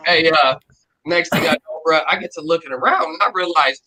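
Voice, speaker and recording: A man hosting a casual stream, telling a drunken night-out story in slangy, profane, animated talk. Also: fairly high pitch, a little fast, poor audio.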